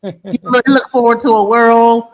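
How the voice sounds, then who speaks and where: A co-host chatting casually and joking in an animated way. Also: medium pitch, moderate pace. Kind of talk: casual chat.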